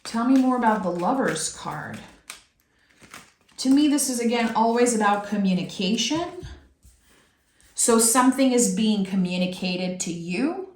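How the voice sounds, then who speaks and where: Slow, soulful woman reading tarot. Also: fairly high pitch, expressive. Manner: gentle, earnest, reassuring, with drawn-out pauses. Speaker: tarot reader. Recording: roomy echo.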